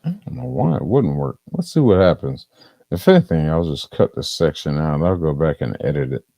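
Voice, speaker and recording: Deep, gravelly man rambling on stream. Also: animated, normal speed, mellow, no room sound. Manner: rambling and profane, heavy on "um" and "uh". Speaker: live streamer. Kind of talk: casual stream chat, movie review.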